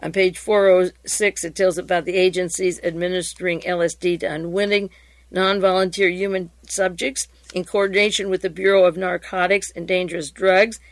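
A woman reading congressional hearing transcripts aloud in a steady, even voice. She then moves into her own commentary, with fillers and restarts. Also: lowish voice, normal speed, no echo.

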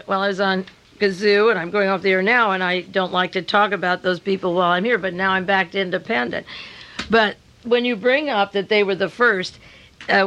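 An older woman holds forth as a radio host, running one thought into the next with hardly a pause. She talks at an ordinary pitch for a woman. Now and then she slows right down to stress a point. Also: a bit bright, poor audio. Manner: rapid, rambling and emphatic, slowing down to stress points. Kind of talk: on-air radio talk during a fundraiser.

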